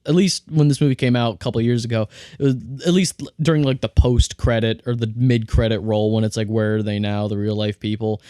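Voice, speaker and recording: A man talks through a film he enjoyed in a casual podcast chat, stumbling over his words as he restarts and keeps circling back. His voice is smooth and resonant. It sounds dry and close, with no room around it. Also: fairly low pitch, fairly even intonation, quick pace, hardly any pauses, mellow, no echo. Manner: enthusiastic, repeats words when restarting. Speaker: podcast co-host.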